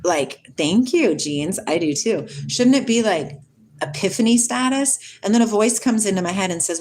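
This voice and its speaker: A woman's voice: mid-range voice, lively intonation, normal speed, a little mellow, slight background noise. A woman hosting a casual spiritual livestream. She reads aloud, greets viewers by name, laughs often and drifts off on tangents. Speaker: livestream host reading viewer comments.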